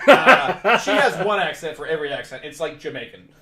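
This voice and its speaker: A man's voice: on the high side, animated, fairly quick, reverberant, a crowd in the background. A man co-hosting a beer podcast, talking casually with frequent laughs and filler words. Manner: chatty, laughs often, hedges with "like". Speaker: podcast co-host. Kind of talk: casual beer-tasting chat.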